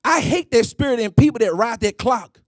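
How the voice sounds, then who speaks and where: A man's voice: very high-pitched, animated, brisk, no room sound, studio quality. A middle-aged man preaching a sermon, emphatic and sing-song, calling out exclamations.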